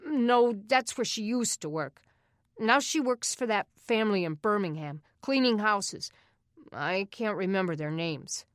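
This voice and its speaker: A woman's voice: mid-range voice, lively intonation, measured pace, no echo, studio quality, voice pushed up, lightly acted. A woman voicing a proud, defensive teenage boy who looks after his younger siblings.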